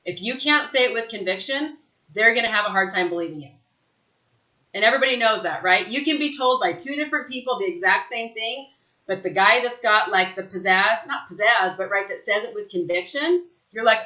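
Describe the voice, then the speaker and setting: A woman's voice: on the high side, brisk, bright, forceful tone, roomy sound, rough recording. A woman coaching real estate agents in a live training session, talking emphatically and often checking in with "right?".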